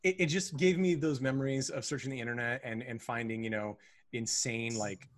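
A man recapping a movie as co-host of a film podcast speaks fairly quickly in a medium-pitched voice with fairly even intonation. He keeps rambling, restarting sentences and stacking fillers in casual chat. His voice is dry and close-miked, with no room sound.

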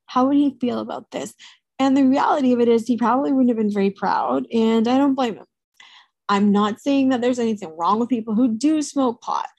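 A woman telling a personal story to camera in a candid, animated way, swearing freely. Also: fairly high pitch, fairly quick, no echo.

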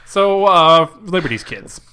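A man's voice: fairly high pitch, lively intonation, a little slow, sharp tone, slight background noise. A man co-hosting a casual comedy podcast, rambling, giggling and playing along with bits. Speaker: podcast co-host.

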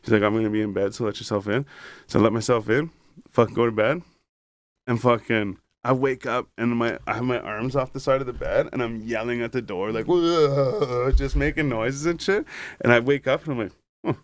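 A man in a loose, profane chat, spinning a rambling story packed with filler words and acted-out asides. His voice sits at an ordinary middle pitch. The sound is dry and close, with no room echo. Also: brisk. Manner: acts out his own inner voice in quotes. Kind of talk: casual chat.

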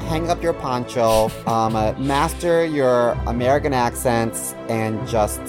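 A man co-hosting a comedic podcast, feeding quick teasing setups and comebacks. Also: medium pitch, music in the background. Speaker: podcast co-host.

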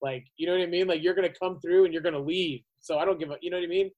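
A man hosting a podcast, telling an animated, profanity-heavy story in casual chat. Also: high-pitched, racing, dull audio. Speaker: podcast host.

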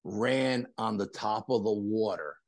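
A middle-aged man, telling a story as a podcast guest, animated and repeating phrases for emphasis. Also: lowish voice, a little slow, no room sound. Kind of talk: storytelling in casual conversation.

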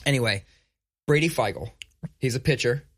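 Man, mid-pitched voice, relaxed conversational podcast co-host. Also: moderate pace. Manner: conversational, reads sponsor plug casually. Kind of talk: casual chat.

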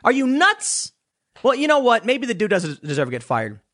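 A man's voice: extremely high pitch, huge pitch swings, normal speed, fairly bright tone. A man ranting as a political commentator, sarcastic, dismissive and blunt. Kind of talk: casual opinion rant.

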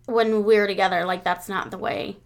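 A young adult woman co-hosting a casual podcast chat, rambling with lots of fillers, dropping quiet and then getting loud. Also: mid-range voice, steady tone, normal speed. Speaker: podcast co-host.

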